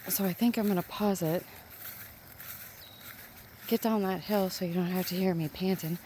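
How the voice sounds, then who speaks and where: A woman with a somewhat low voice talks casually to her viewers while walking outdoors in a quiet valley. Her phone picks her up in the open air, with clear nature noise of water and insects all around. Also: fairly even intonation. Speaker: vlogger. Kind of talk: casual nature walk vlog. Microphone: handheld phone camera. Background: rushing water, insects and birds.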